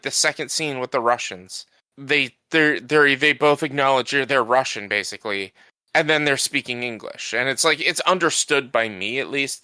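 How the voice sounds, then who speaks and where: A man's voice: medium pitch, bright, forceful tone, dry recording. A man co-hosting a podcast, chatting casually about a film, rambling with lots of restarts. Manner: rambling, many restarts and fillers. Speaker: podcast co-host. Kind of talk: casual chat.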